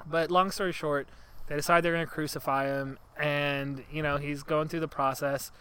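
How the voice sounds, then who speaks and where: A man's voice: fairly high pitch, little pitch movement, moderate pace, pushed and bright, smooth, poor audio. A man co-hosting a casual podcast, animatedly retelling a film and acting out the characters' lines in raised voices. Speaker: podcast co-host.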